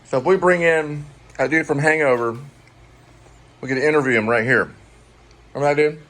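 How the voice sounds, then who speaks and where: A man's voice: a little high, moderate pace, fairly bright tone. A man co-hosting a casual home chat during a meal, rambling and searching for names as he talks. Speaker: co-host.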